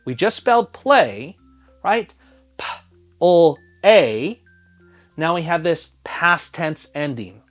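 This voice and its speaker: Slow, patient phonics teacher. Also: mid-range voice, very animated, fairly bright tone, soft background music. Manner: slow, patient, sounds out each letter and asks the listener to spell along. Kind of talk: phonics spelling lesson for young children.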